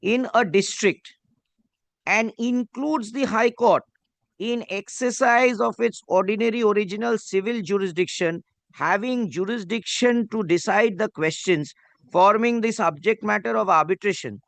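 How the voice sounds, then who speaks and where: A man's voice: high voice, unhurried, gravelly, no echo. A man with a Bengali-accented Indian English voice arguing a case before a judge, deferentially reading clauses aloud. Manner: deferential, says "my lord" constantly, reads clauses aloud. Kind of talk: courtroom legal argument. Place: courtroom.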